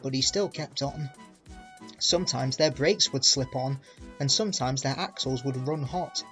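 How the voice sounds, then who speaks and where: A man reading a children's railway story aloud in a clear, gentle storytelling manner. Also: mid-range voice. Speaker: reader.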